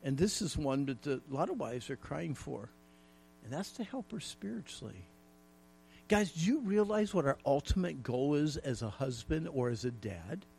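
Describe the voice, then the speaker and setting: A man's voice: mid-range voice, gravelly, a little mellow, a little hiss or hum. A middle-aged man preaching a folksy, emphatic sermon with jokes and repetition. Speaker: pastor.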